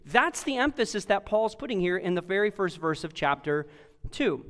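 Male pastor with a high voice, preaching with emphasis; long reverb of a big hall. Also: normal speed. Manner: emphatic, animated preaching with repeated phrases. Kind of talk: sermon.

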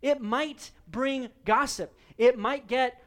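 A man with a notably high voice delivers a sermon from the pulpit. He speaks earnestly and with emphasis, hammering key lines by saying them again. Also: takes it slowly, a bit bright. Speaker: pastor.

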